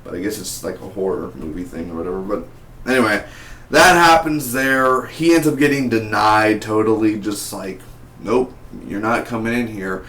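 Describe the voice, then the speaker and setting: A young man chatting through a casual spoken TV review in a rambling, excitable way. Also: fairly low pitch, normal speed. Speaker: TV show reviewer. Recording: echoey room.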